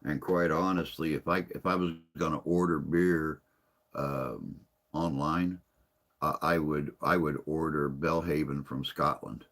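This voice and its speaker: A man with a very deep voice and plenty of gravelly fry hosts a live stream. He chats casually in a rambling, folksy way, sounding a bit tired and under the weather. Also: fairly even intonation, a little slow, fairly bright tone. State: tired and unwell.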